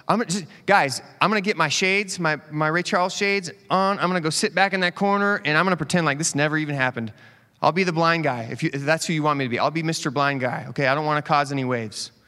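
A man with a somewhat high voice preaching a relaxed sermon, throwing playful asides to his congregation. His voice rings out in a church hall with long reverb. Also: quick pace. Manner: animated, joking asides to the congregation. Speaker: pastor. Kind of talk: conversational sermon.

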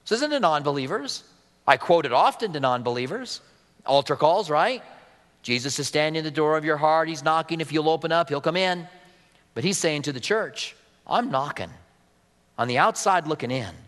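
A man's voice: a little high, lively intonation, normal speed, fairly bright tone, in a large hall. A man preaching a sermon as pastor, earnest and reading scripture aloud to his congregation.

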